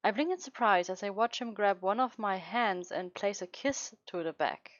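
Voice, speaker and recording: A woman's voice: medium pitch, moderate pace, muffled recording. A woman streaming a romance game, reading the story aloud and chatting casually with frequent giggles and self-interruptions. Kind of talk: casual let's-play commentary and read-aloud.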